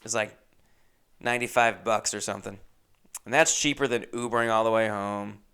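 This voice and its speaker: Smooth-voiced man telling a story. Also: lowish voice, moderate pace. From Los Angeles. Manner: animated, acts out other people's lines, swears freely. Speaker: podcast host. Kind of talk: casual storytelling monologue.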